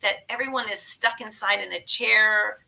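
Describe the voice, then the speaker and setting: Bright, upbeat woman in her late fifties. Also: medium pitch, normal speed, gravelly, rough recording. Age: late 50s. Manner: animated, enthusiastic, breezy and upbeat. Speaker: podcast host. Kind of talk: casual chat.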